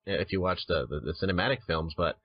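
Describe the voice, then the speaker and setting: A man's voice: sits low, fast. A man interviewing a guest, asking long, rambling questions full of fillers and restarts. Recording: dull lo-fi sound.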